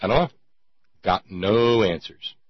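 A man's voice: on the low side, a little slow, dry recording. A man giving sarcastic, indignant political commentary full of rhetorical questions. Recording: dull lo-fi sound.

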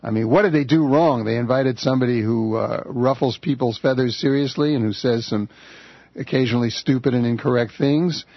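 A man's voice: medium pitch, brisk, breathy edge, no echo, dull audio. A man guest-hosting a political talk radio show from a studio, talking in a conversational, wry way with filler uhs.

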